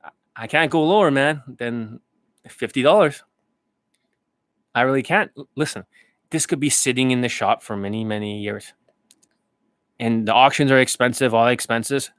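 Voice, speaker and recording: A man doing an impression of a stubborn male pawn shop owner, haggling gruffly over a price. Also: medium pitch, moderate pace, pauses often, a bit bright, dry recording, clean studio sound, natural voice.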